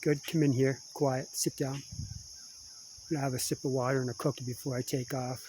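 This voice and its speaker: A man's voice: mid-range voice, level tone, normal speed, warm tone, slight background noise, poor audio. A middle-aged man with a Canadian accent, from Kingston, Ontario, chatting casually and saying "eh" while walking through a wooded patch, filming on a handheld camera. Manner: chatty, laughs often, says "eh". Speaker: vlogger. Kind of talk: casual rambling vlog.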